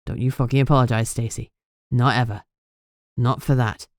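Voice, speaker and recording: Woman doing a rough-voiced protective lover. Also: a bass voice, fairly even intonation, moderate pace, a little mellow, no room sound, studio quality, voice pushed down. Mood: pleading. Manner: urgent, soothing.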